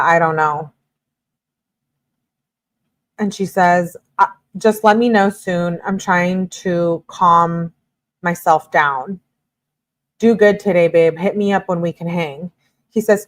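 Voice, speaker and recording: A woman hosting a true-crime commentary, reading text messages aloud in a plain delivery and breaking off now and then into exasperated asides. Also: on the low side.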